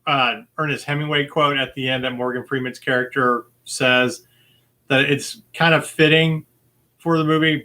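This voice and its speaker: A man running a casual podcast movie quiz, upbeat and chatty, laughing easily between questions. His voice has a bright, forward ring at a middle pitch. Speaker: quiz host.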